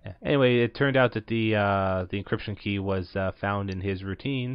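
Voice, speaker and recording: Man, deep voice, casual let's-play host, rambling with fillers, dry and muffled lo-fi recording. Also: moderate pace, hardly any pauses, clear, resonant tone, dry recording. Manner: rambling, many filler words. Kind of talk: casual gameplay commentary.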